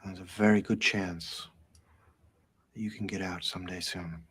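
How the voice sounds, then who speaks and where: Calm lawyer, super low husky voice, quiet and reassuring, film clip. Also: male voice, normal speed. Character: calm middle-aged male lawyer, reassuring. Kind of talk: film dialogue.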